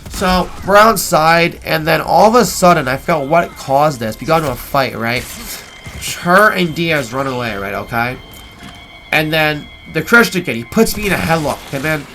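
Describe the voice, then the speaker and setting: A gaming video host meanders through a lengthy story over gameplay, cursing and asking "right?" after his sentences. His slightly high voice is animated and sharp at a normal speed, with a little hiss or hum audible.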